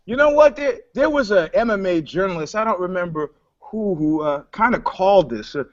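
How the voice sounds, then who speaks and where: Picture a man with a high, bright voice, telling loose, profane stories and jumping between characters as he acts out both sides of a dispute. He sits close to a dry, slightly dull podcast mic. He co-hosts an MMA chat show. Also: normal speed, no echo. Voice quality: animated storyteller, voicing the people in his anecdotes. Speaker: podcast co-host, MMA pundit. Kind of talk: casual, profane chat, acting out the other side of a dispute.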